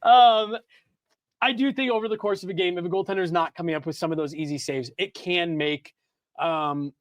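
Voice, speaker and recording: A man co-hosting a sports podcast, chatting casually in a rambling, animated way with plenty of fillers and restarts. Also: sits high, brisk, no room sound, studio quality. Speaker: podcast co-host. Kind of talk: casual hockey podcast chat.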